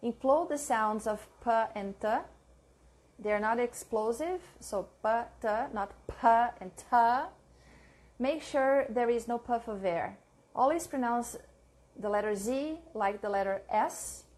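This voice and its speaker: A woman with a slightly high voice works through her study notes at a very unhurried pace. She repeats words to drill them and stops to fix her own slips as she goes. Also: a little mellow. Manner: reads notes aloud, pausing to correct her own mix-ups. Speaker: language learner sharing study notes. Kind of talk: slow read-aloud study session.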